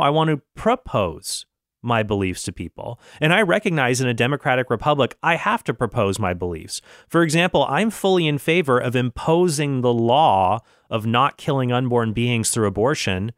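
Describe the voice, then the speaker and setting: A man's voice: mid-range voice, animated, moderate pace, few pauses, no room sound, clean studio sound. Earnest man reasoning through an argument. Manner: earnest, reasoning, with frequent restarts. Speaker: Christian podcast host. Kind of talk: solo podcast commentary.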